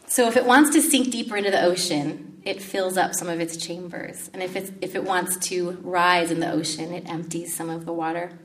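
A woman delivers a storytelling sermon with warmth and animation. She slips into a higher, urgent voice when acting out the disciples' panic. Her voice is picked up from some distance away from the microphone. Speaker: preacher.

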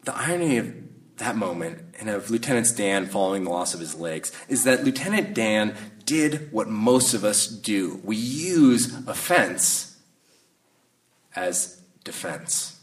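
A man's voice: lowish voice, animated. Male pastor preaching, slightly off-mic. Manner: conversational, reflective, halting with restarts. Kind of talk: sermon. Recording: voice a bit distant from the mic.

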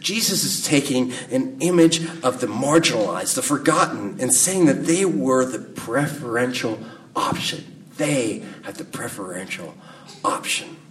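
A man in his thirties preaching a sermon in a slow, measured way, letting his phrases fall soft at the ends. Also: medium pitch, lively intonation. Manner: slow, measured delivery with soft dropping endings. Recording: distant mic with faint room ambience.

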